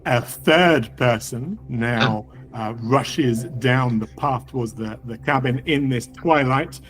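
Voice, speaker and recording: A man narrating as game master of a tabletop role-playing game, measured and descriptive. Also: mid-range voice.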